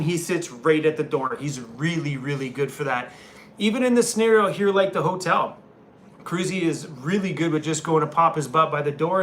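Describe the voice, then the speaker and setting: A man's voice: a little high, slight background noise. A middle-aged man from Canada, chatting casually and rambling on a live stream from a hotel room. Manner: relaxed, rambling, talks baby-talk to his dog. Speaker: van-life vlogger doing a live stream.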